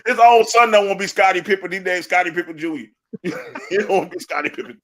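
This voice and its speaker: A man co-hosting a sports podcast, talking in animated, laughing banter and trash talk. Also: high-pitched, fast, slight background noise. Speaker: podcast co-host.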